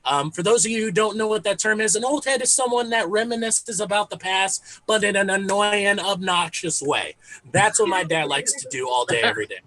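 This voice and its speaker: With a high-pitched, pushed and bright voice, a Texan comic in his thirties moves fairly quickly through a conversational stand-up set, self-amused laughs and fillers included. The audio quality is poor.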